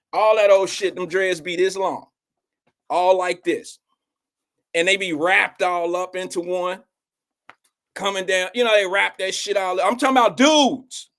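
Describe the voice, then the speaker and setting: A man's voice: high-pitched, steady tone, normal speed, fairly bright tone. A middle-aged man hosting a live show, telling a rambling, slangy and emotional story in casual talk.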